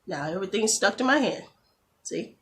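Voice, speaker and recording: Woman doing a nail tutorial on her phone camera, chatty, jokey, gets fed up quick. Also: mid-range voice, expressive, a bit bright. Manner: chatty, quick to get exasperated, jokey asides. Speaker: beauty vlogger. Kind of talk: casual tutorial chat.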